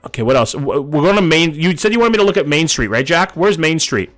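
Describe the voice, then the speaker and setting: A man's voice: fairly high pitch, expressive, quick pace, a bit bright. A man, casually chatting and swearing as he reacts to viewers' hometowns live. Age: 30s. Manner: casual, profane, reads chat aloud. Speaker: live streamer. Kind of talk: live stream reaction chat.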